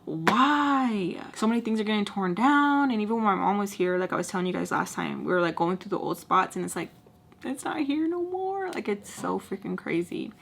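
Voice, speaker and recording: A woman's voice: on the low side, quick pace, gravelly, hardly any pauses. A young woman vlogger chatting to her viewers, casual and blunt, with free swearing. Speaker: storytime vlogger. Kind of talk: casual storytime while doing makeup.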